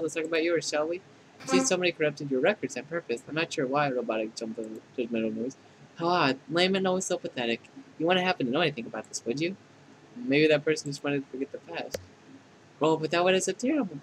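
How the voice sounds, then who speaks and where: A man's voice: noisy background, close to an everyday voice. A man voicing a condescending, clingy female AI program in a fan dub of a dating game, with mocking, clinical put-downs. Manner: deadpan scolding that tips into shrill outbursts.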